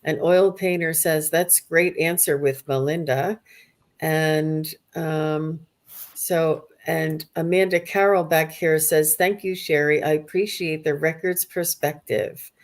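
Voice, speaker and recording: A woman hosting a spiritual livestream, soft-spoken and gushing as she thanks her viewers. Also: sits low, steady tone, slow pace. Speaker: livestream host. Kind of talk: live stream chat.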